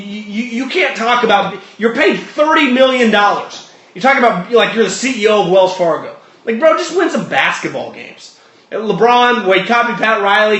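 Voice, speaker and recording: A man with a strikingly high voice hosts a sports talk show, ranting in a blunt and profane way. His voice rings out in a roomy, echoey space. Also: sharp tone. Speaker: sports podcast host. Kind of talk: opinionated sports talk monologue.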